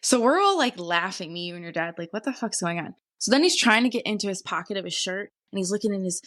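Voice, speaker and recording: A woman co-hosting a casual podcast, her voice sitting at an ordinary middle pitch. She tells stories with lively energy, swears freely and laughs easily. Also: quick pace. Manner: animated storyteller, swears freely, laughs often. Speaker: podcast co-host. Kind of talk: casual chat recap.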